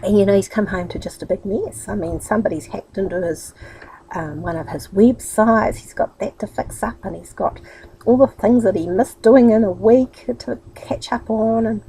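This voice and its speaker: A woman's voice: mid-range voice, moderate pace, mellow, slight background noise, low-quality recording. A woman with a New Zealand accent talking in a chatty, rambling, upbeat way in a casual motivational vlog. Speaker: vlogger.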